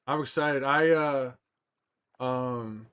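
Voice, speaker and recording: A young man chatting casually on a live stream, reading viewers' messages aloud and answering them in a relaxed, rambling way. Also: medium pitch, very slow, clear, resonant tone.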